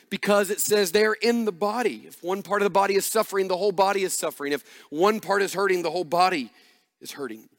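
A man's voice: sits high, fairly bright tone, big-room sound. A man preaching a sermon as pastor, earnest and repeating phrases for emphasis.

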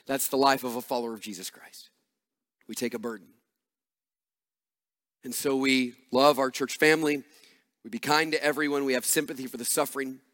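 A man's voice: on the high side, a bit bright, in a large hall. A man preaching a sermon as pastor, earnest and repeating phrases for emphasis.

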